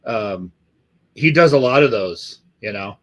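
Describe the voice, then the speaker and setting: A man's voice: on the low side, lively intonation, unhurried, muffled recording. A middle-aged man from the Los Angeles area hosting a live stream, chatting casually with viewers in a rambling, profane way full of fillers.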